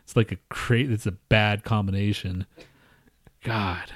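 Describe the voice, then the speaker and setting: A man's voice: on the low side, fairly even intonation, unhurried, a bit bright, no echo, studio quality. A man co-hosting a podcast, chatting casually with lots of swearing, laughter and teasing. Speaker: podcast co-host. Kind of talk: casual crude banter.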